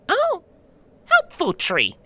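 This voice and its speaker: A woman's voice: a little high, wildly swooping pitch, normal speed, sharp tone, heavily acted. A woman voicing a boastful, showy female unicorn mare in a fanfiction reading, who talks about herself in the third person and exclaims dramatically. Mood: excitable.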